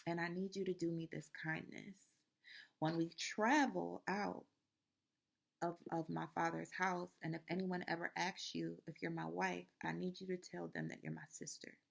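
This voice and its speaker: A woman doing a soft, coaxing ancient husband. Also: fairly low pitch, steady tone, moderate pace, creaky. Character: sweet-talking ancient husband, smooth and coaxing.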